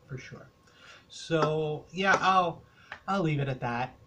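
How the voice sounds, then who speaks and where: A man's voice: on the high side, takes it slowly, background noise. Rambling older Canadian man. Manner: rambling, hesitant, many fillers. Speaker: beer reviewer vlogger. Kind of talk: casual rambling beer review.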